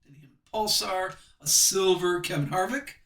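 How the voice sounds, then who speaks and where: A man with a high, bright voice hosts a live card break, chatty and upbeat as he calls out each card he pulls. He sounds a bit off the mic, and the room is echoey. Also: moderate pace, far from the mic. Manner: chatty, upbeat, calls out cards as he opens packs.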